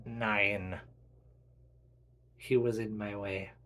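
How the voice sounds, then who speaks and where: A man's voice: lowish voice, flat delivery, extremely slow, pushed and bright, slight background noise, voice pushed down, heavily acted. A man voicing a ruthless German villain commander, with a put-on German accent and cold, clipped threats. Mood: menacing.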